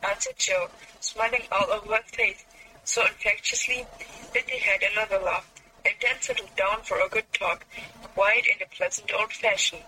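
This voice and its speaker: A woman guest reading a novel aloud in an even storytelling way. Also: medium pitch, moderate pace, a little hiss or hum, low-quality recording. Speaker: book discussion guest.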